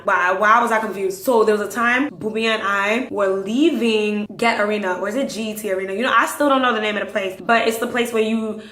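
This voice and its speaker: A woman hosting a podcast, telling stories casually in an animated way, acting out the dialogue and dropping into hushed asides. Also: mid-range voice, brisk, hardly any pauses. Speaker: podcast host. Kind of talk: casual storytelling. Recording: roomy echo.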